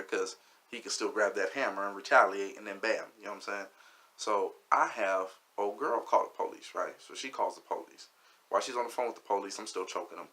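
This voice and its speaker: Bright-voiced man telling a story. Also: fairly low pitch. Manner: animated, acts out quotes, slangy. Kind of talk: casual storytelling.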